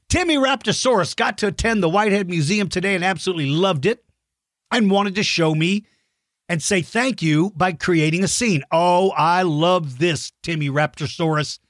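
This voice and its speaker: Middle-aged male kids' podcast host, bright high pitch, dry booth sound, playful mock-outraged bursts. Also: moderate pace, dry recording. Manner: animated, mock-outraged shouts in play. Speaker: podcast host giving shout-outs to young listeners. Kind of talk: warm kids' podcast chat.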